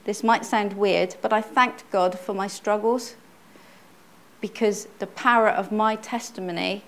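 A middle-aged woman giving a personal testimony sermon at church, earnest and conversational, often restarting her phrases. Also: mid-range voice. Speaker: church speaker, pastor's wife.

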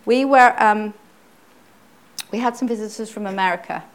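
Earnest and conversational, this middle-aged church speaker, a pastor's wife, shares a personal testimony sermon in a medium-pitched voice at a moderate pace. She frequently restarts her phrases.

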